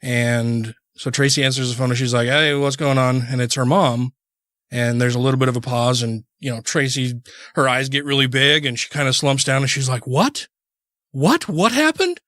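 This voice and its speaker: A man's voice: medium pitch, little pitch movement, fairly quick, fairly bright tone, no echo, studio quality. Rambling man telling a story on a podcast. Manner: rambling, many restarts and "you know"s. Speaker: podcast co-host. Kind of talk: casual storytelling.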